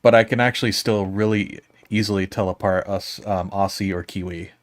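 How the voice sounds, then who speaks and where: A man co-hosting a livestream in relaxed, chatty talk that trails off softly at the ends of lines. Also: lowish voice, brisk, no room sound. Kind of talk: casual livestream chat.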